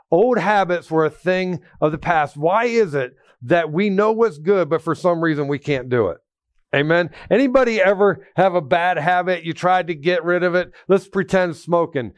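A middle-aged male pastor preaching in a folksy, storytelling way, often checking in with the congregation. His voice sits a little high for a man. The sound is dry and close, with no room echo. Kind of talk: sermon.

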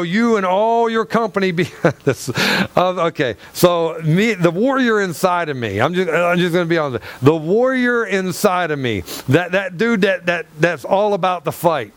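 A man preaching through a Bible passage, excitable and acting out the dialogue. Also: high voice, dry recording. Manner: excitable, acts out scripture dialogue, laughs often. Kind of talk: animated Bible teaching.

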